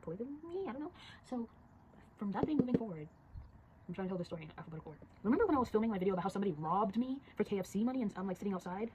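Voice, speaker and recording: A teenage girl chatting casually and rapidly, telling a story while drawing and acting out the voices of the people in it. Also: mid-range voice, animated, noisy background. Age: teens. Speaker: storyteller vlogger.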